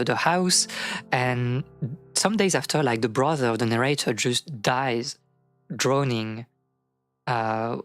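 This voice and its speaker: Streamer, casual storytelling, rambling with fillers, middling pitch, faint background music. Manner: rambling, many fillers and restarts, acts out quotes. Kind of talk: casual retelling of a folk tale.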